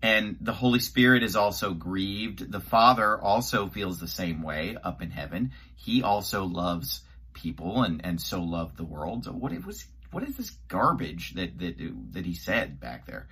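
Husky low-voiced man, indignant commentary. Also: unhurried. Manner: indignant, animated critique with restarts. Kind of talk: commentary on a sermon clip.

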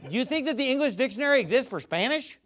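Animated, sarcastic man ranting. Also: extremely high pitch, rapid-fire. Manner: emphatic, sarcastic, stammers and restarts. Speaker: religious commentator. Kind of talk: ranting video commentary.

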